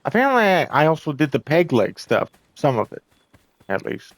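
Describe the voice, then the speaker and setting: A man's voice: fairly high pitch, big pitch swings, normal speed, no echo. A man giving casual, self-mocking let's-play commentary, reacting to the game and swearing now and then. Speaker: gameplay commentator.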